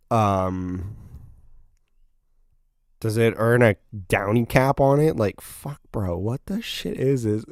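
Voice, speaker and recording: A man's voice: on the low side, darkish tone, no room sound, studio quality. A young man hosting a casual reaction video, blunt and profane, mocking what he sees with sudden outbursts.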